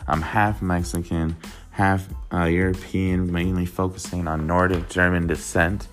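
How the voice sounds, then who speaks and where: A man vlogging, telling a rambling, profane story in a casual, animated way. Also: sits low, unhurried, faint music behind. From Worcester, Massachusetts.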